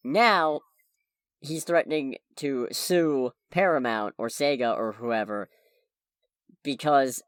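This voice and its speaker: A man's voice: medium pitch, slow pace, long pauses, fairly bright tone, clear, resonant tone, dry recording, studio quality. A man hosting a casual podcast, recapping news in a sardonic, rambling way. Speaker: podcast host.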